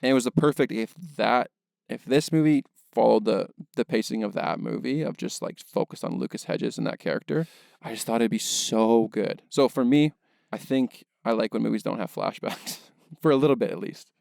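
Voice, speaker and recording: Gravelly young man rambling about films. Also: medium pitch, normal speed, a little mellow, dry recording, studio quality. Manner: rambling, filler-heavy, frequent restarts. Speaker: podcast co-host, filmmaker. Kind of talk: casual film discussion.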